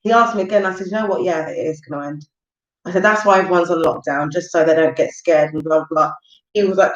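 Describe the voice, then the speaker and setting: A woman's voice: lowish voice, fast talker. A woman, rambling casually through stories on a livestream. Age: 30s. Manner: chatty, rambling storytelling with lots of fillers. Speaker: live-stream host. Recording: roomy, distant, dull home recording.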